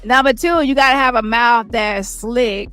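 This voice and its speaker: A woman's voice: a little high, normal speed, bright, forceful tone, clean tone, no echo, soft background music. A woman delivering a brash, mocking, profanity-heavy commentary rant. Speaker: commentary channel host.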